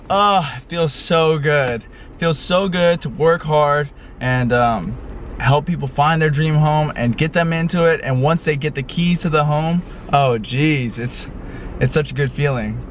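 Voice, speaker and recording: Young man, eager vlog chatter, slightly high voice, restarts often, loud car and street noise behind. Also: moderate pace. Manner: excited, rambling with restarts. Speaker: real estate agent vlogger. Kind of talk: casual vlog to camera. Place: outdoors and in a car, then inside a house. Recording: noisy outdoor and car ambience. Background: air conditioning and traffic noise.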